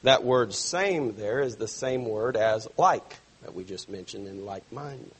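A man preaching a sermon to his church, stressing phrases slowly and dropping suddenly soft. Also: lowish voice, animated, breathy edge. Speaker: pastor.

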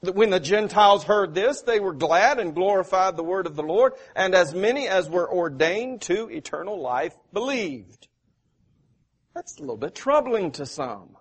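A man's voice: high voice, expressive, a little slow, long pauses, slightly rough. A male pastor preaching a sermon in a church, repeating key phrases for emphasis. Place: church sanctuary.

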